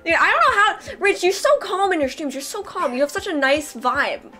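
A woman hosting a casual podcast on her live stream, excitable and loud, laughing and shrieking often. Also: very high-pitched, normal speed.

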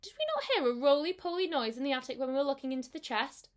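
A woman doing a brisk, no-nonsense neighbour cat. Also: high voice, animated. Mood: firm. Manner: firm and matter-of-fact.

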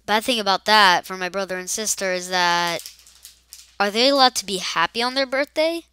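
A chatty woman rambles through a let's-play, tossing out silly asides between moves. Her voice is bright and smooth. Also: mid-range voice, normal speed. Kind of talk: casual gameplay commentary.

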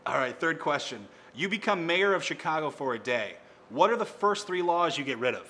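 Man, host, bright clear voice, slightly high, reads questions. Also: expressive, fairly quick. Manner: reads questions, short dry replies. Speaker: interview host. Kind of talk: casual interview with scripted questions.

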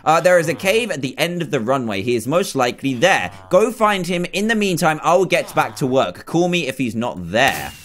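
Worried reindeer keeper, guy reading it out, kinda high voice. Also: very animated, normal speed, few pauses, a bit bright. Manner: reads the in-game dialogue aloud.

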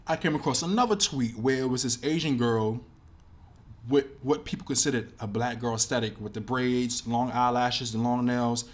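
A man's voice: mid-range voice, normal speed. A man hosting a casual commentary video, talking loosely and thinking aloud with lots of fillers. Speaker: commentary host.

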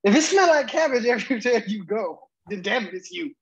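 A man's voice: high-pitched, very animated, brisk, muffled recording, crowd noise. Blunt joking man on a podcast. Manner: blunt, joking, laughs often. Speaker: podcast co-host. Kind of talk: casual chat.

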